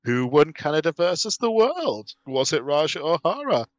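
A man's voice: on the high side, very animated, moderate pace, no room sound. Chatty teasing podcast co-host man. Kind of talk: casual podcast chat.

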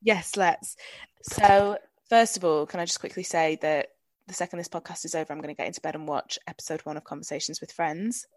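A woman co-hosting a podcast in casual chat, teasing her co-host playfully and reacting quickly, often with gasps. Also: low voice, fairly even intonation, no echo.

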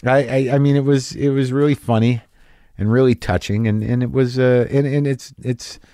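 A middle-aged man, a podcast host and comedian, telling a stage story in a casual rambling monologue, stumbling over repeated words and jumping up in pitch when he acts out people from the crowd. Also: steady tone, normal speed, warm tone, dry recording, studio quality. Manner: voice rises sharply when acting out audience members.

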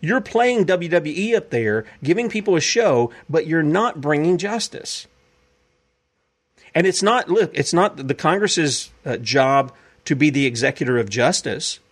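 An emphatic man delivers opinionated commentary as a show host. His voice sits a little high and swings widely in pitch, and he hammers home points by repeating them. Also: expressive, a little slow. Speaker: podcast host.

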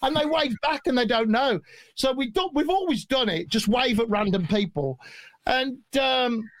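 Brief: man, guest storyteller, animated and jokey, dry close sound. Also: very high-pitched, normal speed, dry recording. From England. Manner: animated, jokey, swears freely. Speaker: guest musician. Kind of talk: casual storytelling interview.

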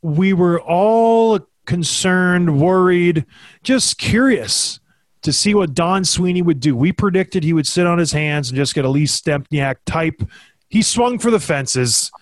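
A man with a slightly high voice hosts a laid-back podcast chat, joking and poking fun at himself. His voice is dry and close, with no room sound around it. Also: animated, a little slow, no echo. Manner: joking, self-deprecating, plain-spoken. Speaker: podcast host, former hockey player.

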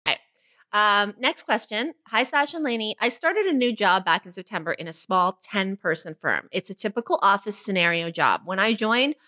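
A woman's voice: medium pitch, fairly bright tone. A woman co-hosting a casual podcast chat, blunt and swearing freely, also reading listener letters aloud. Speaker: podcast co-host.

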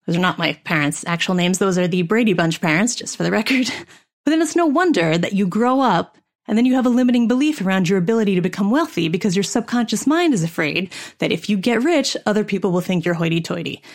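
Candid, cursing actor giving a pep talk. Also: female voice, medium pitch, lively intonation, quick pace. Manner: candid, profane and wry. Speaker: actor and coach. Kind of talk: motivational talk.

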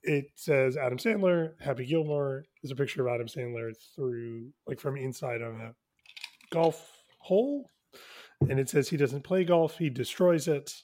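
A man co-hosting a podcast in casual chat, partly talking softly and whispering. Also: mid-range voice, normal speed. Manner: chatty, whispering later to keep quiet. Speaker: podcast co-host.

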